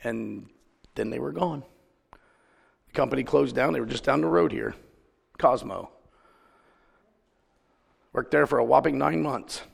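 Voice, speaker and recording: A man's voice: medium pitch, a little slow, vocal fry, long pauses, husky, big-room sound. A man preaching a conversational sermon, telling stories and putting questions to the congregation. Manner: storytelling, asks the congregation questions.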